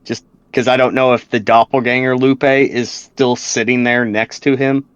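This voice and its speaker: A man's voice: mid-range voice, little pitch movement, moderate pace, clear, resonant tone, dry recording. A man playing a character in a tabletop game, laid-back, with a lot of fillers. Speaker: player. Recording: dry, dull lo-fi mic.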